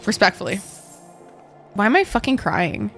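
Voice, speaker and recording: A woman streaming a game live, excitable and giggly, swearing freely as she chats. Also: medium pitch, normal speed, gravelly, faint music behind.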